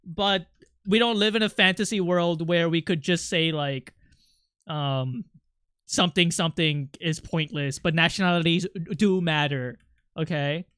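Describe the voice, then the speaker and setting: A male streamer chatting casually, rambling along with many fillers and quick restarts. His voice is bright and smooth, recorded on a close desk mic in a dry, dead room. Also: on the high side, dry recording. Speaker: livestreamer.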